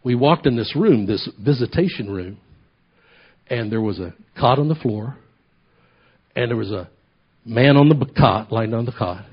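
Husky preacher man telling stories. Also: mid-range voice, moderate pace, long pauses, highs cut off. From Oklahoma ministry, United States. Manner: animated storytelling, acts out voices, repeats phrases. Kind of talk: sermon storytelling.

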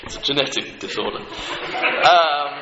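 A man preaching a sermon, animated and humorous, with asides to the congregation. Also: on the high side, unhurried. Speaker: pastor. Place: church hall. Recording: echoey hall with dull lo-fi sound and clear noise.

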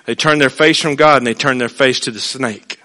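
A man preaching a sermon in a folksy way, dropping to hushed asides and rising to loud, emphatic points. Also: mid-range voice, steady tone, a little fast.

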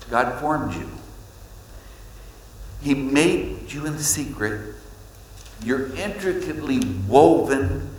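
A man preaching a sermon, reading scripture and telling stories, with his pitch jumping up on points he wants to stress. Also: slight background noise. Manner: animated storytelling, pitch leaps on emphasis. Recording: echoey hall with long reverb.

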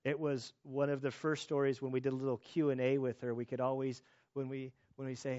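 A man's voice: mid-range voice, little pitch movement, fairly quick, darkish tone, no echo, dull audio. Conversational male pastor preaching. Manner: conversational, with many restarts and asides. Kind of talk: sermon.

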